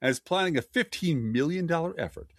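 Sarcastic man with a lively voice. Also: a little high, a little fast, no room sound, clean studio sound. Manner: sarcastic, mocking. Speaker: podcast co-host. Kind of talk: casual political chat, reading news aloud.

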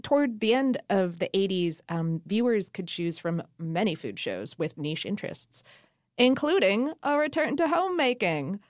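A woman's voice: mid-range voice, sing-song, normal speed, no room sound, clean studio sound. A woman co-hosting a podcast, chatting casually through food history with laughs and fillers. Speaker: podcast co-host. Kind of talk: casual conversational history chat.

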